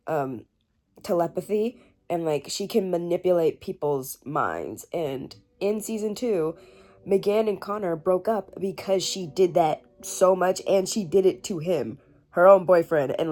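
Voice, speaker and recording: A woman's voice: fairly low pitch, unhurried, a little mellow. A woman in her twenties reacting to a book in a casual reading vlog, swearing, laughing and shrieking as she reads. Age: 20s. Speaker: book reviewer.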